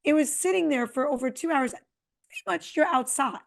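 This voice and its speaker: A middle-aged woman co-hosting a podcast, chatting casually and telling a long, animated travel story. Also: high voice, normal speed, creaky. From Connecticut. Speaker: podcast co-host. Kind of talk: casual chat.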